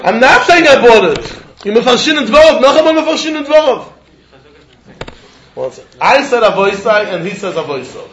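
Man, Talmud lecture, very high voice, roomy echo. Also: big pitch swings, moderate pace, a bit bright, dull audio, a little hiss or hum. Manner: poses rhetorical questions, chuckles while arguing. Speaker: Talmud teacher.

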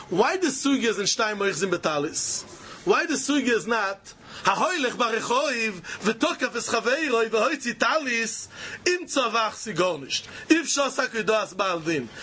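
High, bright male lecturer. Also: slight background noise. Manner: animated, repeats phrases, mixes Yiddish and Hebrew terms. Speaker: Talmud teacher. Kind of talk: yeshiva-style Talmud lecture.

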